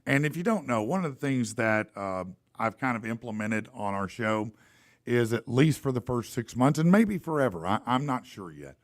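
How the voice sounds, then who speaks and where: A man hosting a podcast, telling a story in a casual, animated way and reading ads for sponsors. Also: medium pitch, normal speed. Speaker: podcast host. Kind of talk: casual storytelling and live ad read.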